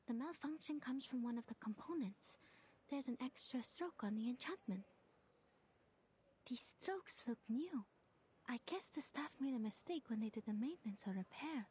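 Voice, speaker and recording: An actress playing a thoughtful, soft-spoken young woman investigator in a game. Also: a little high, animated, moderate pace, breathy edge. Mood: musing. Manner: soft, musing, half-whispered.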